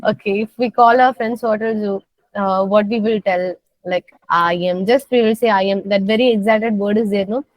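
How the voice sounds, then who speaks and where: A woman teaching a soft skills class, coaxing her students and repeating simple phrases. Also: mid-range voice, steady tone, moderate pace, no echo, rough recording.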